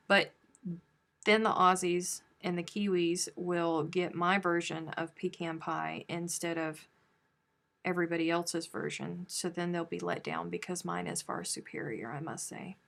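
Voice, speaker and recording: A woman's voice: on the low side, gravelly, a bit bright. A woman hosting a crochet live stream, chatting casually and teasing as she reads viewer comments aloud.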